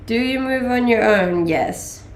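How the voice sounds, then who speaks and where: Chatting casually on a live stream and reading the chat, a late-twenties woman from Denmark speaks with a mixed Danish and English accent, peppering her talk with ums and laughs. Her voice is a little high with lively intonation at a measured pace, sounding reverberant with a bit of hiss or hum.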